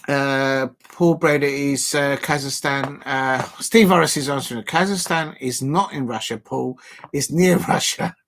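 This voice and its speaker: A young man from England, hosting a football watch-along in animated, casual chat, laughing often and repeating catchphrases. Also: mid-range voice, measured pace.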